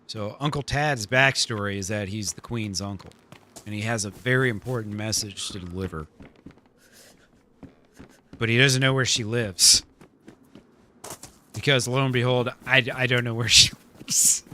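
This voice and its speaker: A man's voice: mid-range voice, normal speed, pauses often, pushed and bright, a little hiss or hum. A man chatting casually while streaming a role-play game. He laughs often and pokes fun at himself. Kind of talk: casual chat while gaming.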